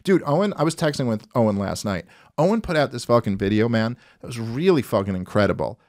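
A man giving casual reaction commentary, ranting and swearing freely as he pauses a clip. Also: mid-range voice, lively intonation, darkish tone. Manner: profane, ranting, impersonates others mockingly. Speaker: commentary host.

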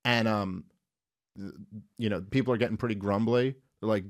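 Profane, animated male podcast host. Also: on the low side, no room sound, studio quality. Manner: profane, animated, acts out characters in quick voices. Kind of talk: irreverent comedic retelling and commentary.

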